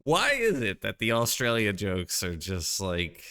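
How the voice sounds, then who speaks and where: A male streamer talks in a deep, slow, easygoing way as he plays a card game live. His voice is bright and very clear. He rambles and jokes, leaning on "like" and "you know" as he goes. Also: huge pitch swings. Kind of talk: casual live-stream chat while playing a card game.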